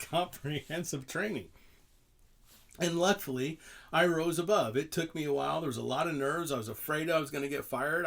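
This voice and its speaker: A man's voice: on the high side, gravelly. A middle-aged man hosting a leadership podcast, talking casually and emphatically, telling stories from his work and laughing now and then. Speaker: leadership coach and podcast host. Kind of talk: motivational podcast talk.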